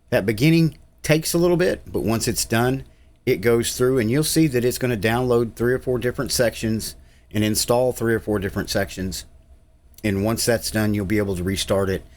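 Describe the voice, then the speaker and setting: A man with a drawl narrates a screen-recorded tutorial in a low voice. He rambles easily, with frequent filler sounds, in a casual, friendly walkthrough manner. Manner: easygoing, rambling, with filler uhs. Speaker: tech channel host.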